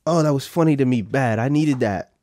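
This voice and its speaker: A man's voice: mid-range voice, a little fast, darkish tone, dry recording, clean studio sound. A man hosting a podcast, reacting to clips with profane, boastful casual commentary and frequent laughter. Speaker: podcast host.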